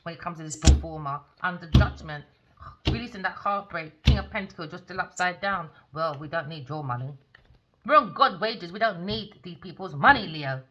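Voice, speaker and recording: A woman's voice: lowish voice, normal speed, a bit bright, slight background noise. A woman doing a tarot reading in a casual, blunt, scolding manner, swearing freely. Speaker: tarot reader.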